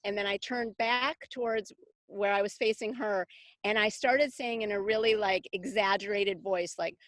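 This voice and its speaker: A woman's voice: mid-range voice, steady tone, normal speed, fairly bright tone, no echo. A middle-aged woman, a parenting coach, talking casually in an interview, rambling with many fillers and restarts. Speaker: parenting coach, summit guest.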